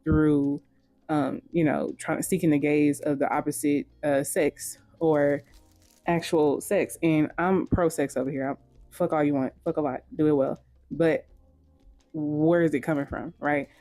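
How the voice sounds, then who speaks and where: Blunt woman commentator, mellow dry voice. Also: low-pitched, fairly even intonation, measured pace, dry recording, faint music behind. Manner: blunt, frank, swears casually. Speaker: commentator in a played video. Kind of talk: scripted commentary voice-over.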